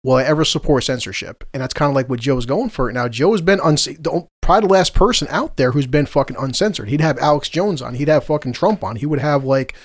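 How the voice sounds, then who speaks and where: Man, podcast host, rapid heated rant, lots of swearing, slightly high voice, dry close sound. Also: no room sound. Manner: profane, heated ranting. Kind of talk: casual podcast chat.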